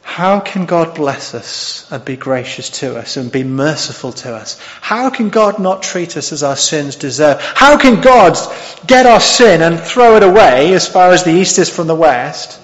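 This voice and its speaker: A man's voice: on the high side, animated, a little slow. A male preacher giving an expository sermon, often asking the congregation questions. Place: church hall. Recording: dull sound with long hall reverb.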